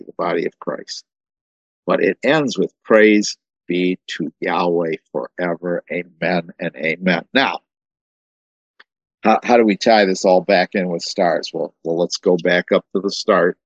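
A man gives an informal Bible teaching in a fairly low voice. He often repeats and restarts words while working through his thoughts. The recording is dry and close. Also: dry recording, low-quality recording.

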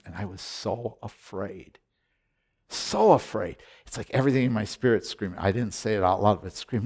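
A man preaching a sermon as pastor, telling a personal story and exhorting his congregation, moving between hushed, slow passages and loud emphatic declarations. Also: lowish voice.

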